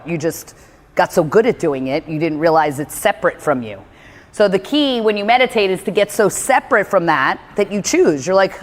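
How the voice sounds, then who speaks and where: Chatty woman in a reverberant room. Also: medium pitch. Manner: chatty, rambling, heavy use of "like"; acts out her own inner dialogue in quotes. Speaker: motivational speaker on meditation. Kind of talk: casual motivational talk.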